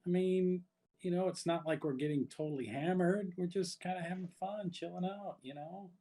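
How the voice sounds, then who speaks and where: A man's voice: high-pitched, moderate pace, mellow, voice pushed up. A man playing a laid-back teenage boy who shrugs things off in a casual, filler-heavy way. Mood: shrugging.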